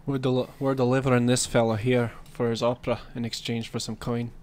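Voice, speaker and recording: Man doing a gruff tabletop adventurer, plain mid voice, pushy, says aye and lad. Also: mid-range voice, flat delivery, fairly quick, a little mellow, slight background noise, lightly acted. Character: blunt adventurer man, hired bodyguard.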